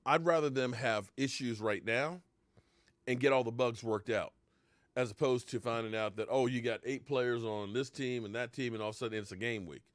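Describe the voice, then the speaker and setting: A man's voice: mid-range voice, no echo. A man hosting a casual live stream about football, rambling, answering viewers' comments and slipping into playful mock heartbreak. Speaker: live-stream sports talk host.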